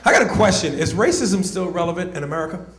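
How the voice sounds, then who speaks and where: A man doing stand-up comedy, loud and animated, often shouting. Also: high-pitched, fast talker, soft background music. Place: comedy club stage. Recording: echoey club with crowd noise.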